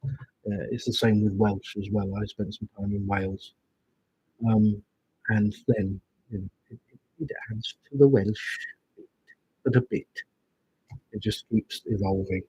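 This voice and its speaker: A man's voice: lowish voice, steady tone, unhurried, long pauses, dark tone, husky, no room sound, poor audio. An English man giving tarot readings on a livestream, musing and rambling with chatty asides. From England. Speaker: tarot reader.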